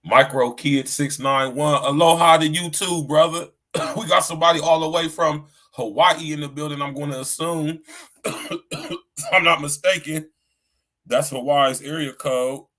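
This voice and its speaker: A man's voice: a little high, fairly even intonation, unhurried, fairly bright tone. A middle-aged man hosting a podcast livestream in a casual, slangy chat style, often saying "you know what I'm saying.". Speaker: podcast host.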